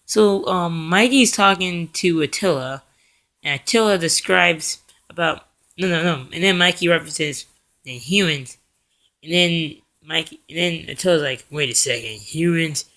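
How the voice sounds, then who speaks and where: This is a young man on the higher side with a sharp tone, casually going over what happened in a cartoon episode. The recap rambles with fillers and self-corrections, and he briefly does the characters' lines in quick voices.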